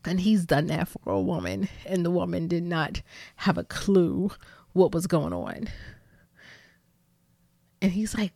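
A woman's voice: lowish voice, animated, a little slow, darkish tone, dry recording, studio quality. A woman hosting a podcast in casual chat, playful and chatty, laughing often and dropping into whispered asides. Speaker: podcast host.

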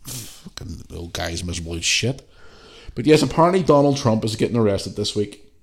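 A man's voice: fairly low pitch, expressive, brisk. A man from Northern Ireland with a Northern Irish accent, hosting a casual solo podcast, blunt and opinionated, swearing freely and sniffly from the flu. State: getting over the flu, sniffly. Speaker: podcast host.

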